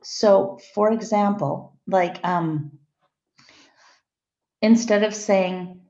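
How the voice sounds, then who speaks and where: A woman's voice: fairly low pitch, steady tone, slow pace, vocal fry, pauses often, a little mellow. A middle-aged woman giving a conversational classroom lecture and checking in with her students. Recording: echoey, dull lo-fi room recording.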